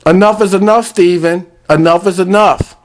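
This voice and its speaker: A man's voice: high-pitched, fairly even intonation, normal speed. A man hosting a sports talk podcast, ranting bluntly and calling out directly to fans. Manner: fired-up, addresses fans directly; blunt, repetitive scolding. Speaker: podcast host.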